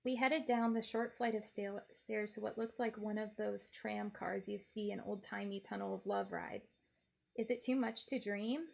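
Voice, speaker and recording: A woman's voice: mid-range voice, fairly even intonation, moderate pace, vocal fry. A woman streamer narrating a game in character, in a wry, playful first-person storytelling manner.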